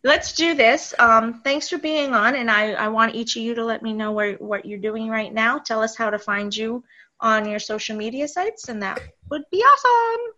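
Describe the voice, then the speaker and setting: A woman's voice: fairly high pitch, moderate pace, pushed and bright. A woman from New York hosting a podcast interview, with a New York accent, giggly and rambling as she wraps up the episode. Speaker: podcast host. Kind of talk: casual interview wrap-up. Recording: slightly dull lo-fi audio.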